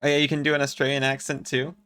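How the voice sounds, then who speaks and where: A man's voice: medium pitch, monotone, fast talker, bright, forceful tone, clean tone. A man casually commenting on a video game as a streamer, joking and chatting with viewers.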